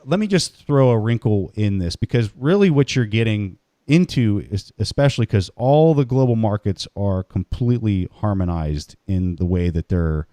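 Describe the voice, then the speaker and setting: A male interview host with a low, mellow voice. He thinks aloud and builds long, careful questions. The sound is dry and close, with no room echo. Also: animated, normal speed, hardly any pauses.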